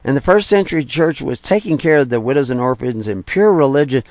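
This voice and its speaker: A man's voice: medium pitch, expressive, a little fast, darkish tone, no room sound. A man preaching in a conversational sermon style, emphatic, repeating key phrases and asking rhetorical questions. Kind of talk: sermon-style teaching talk.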